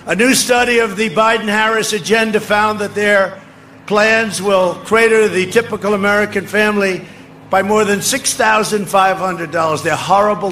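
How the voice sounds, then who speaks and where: An older man giving a boastful, rambling campaign rally speech outdoors, ad-libbing to the crowd and often shouting. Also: high voice. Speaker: political speaker at a rally. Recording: speech over a faint crowd and noisy ambience.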